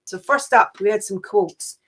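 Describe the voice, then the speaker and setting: A woman's voice: medium pitch, measured pace, a bit bright, a little hiss or hum. Cheerful chatty woman hosting a quiz. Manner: chatty and cheerful, gushing with oohs. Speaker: quiz host.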